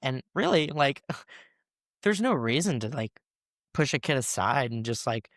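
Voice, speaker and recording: A young man in his twenties, a new band teacher, chatting in an interview and telling stories with animated voices for the people he quotes. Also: mid-range voice, unhurried, no room sound, studio quality. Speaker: first-year band teacher, guest. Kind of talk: casual interview storytelling.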